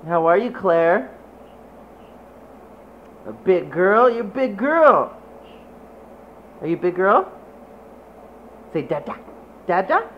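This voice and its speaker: A young father coos and chatters in a lively, bouncing baby-talk voice, slow and drawn out. The sound is dull and lo-fi, with a faint hiss behind him. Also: high-pitched. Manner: playful baby talk, cooing and cheering. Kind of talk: casual home vlog, talking to his baby.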